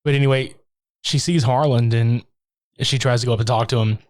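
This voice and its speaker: A man's voice: mid-range voice, fairly even intonation, fairly quick, a little mellow, dry recording. Man, podcast co-host, casual chat, swearing, acts out scenes, dry close sound. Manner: profane, recaps scenes in mock voices.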